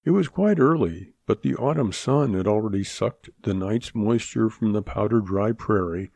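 A man narrating a western audiobook in a measured, plain storytelling delivery. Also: on the low side, gravelly, darkish tone, no room sound. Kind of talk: scripted narration.

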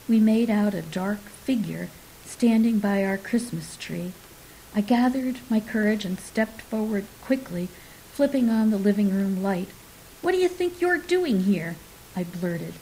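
Slow, mellow woman reading a story. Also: mid-range voice, slight background noise, rough recording. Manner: unhurried, softly dramatic, dips into whispers.

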